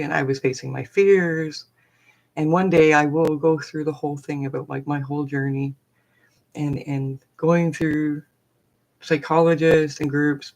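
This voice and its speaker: A middle-aged woman, a forest therapy guide, telling a personal story on a live stream in a chatty, rambling way full of fillers. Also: low-pitched.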